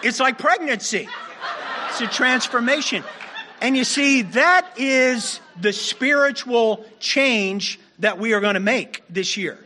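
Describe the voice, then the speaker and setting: Male pastor, high voice, chatty self-deprecating sermon delivery, voice a bit worn. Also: lively intonation, takes it slowly, bright, forceful tone. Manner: conversational, self-deprecating, laughs while preaching. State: losing his voice.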